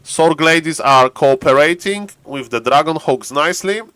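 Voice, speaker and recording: Man, esports caster, slightly high, playful live commentary. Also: normal speed, a bit bright, clean tone, no room sound. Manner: playful, acts out players' thoughts in banter.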